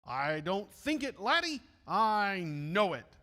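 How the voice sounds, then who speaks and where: A man's voice: high-pitched, animated, a little slow, bright, forceful tone, exaggerated voice. A man reading aloud as a confident older missionary, speaking firmly and emphatically, in an echoey hall. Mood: certain.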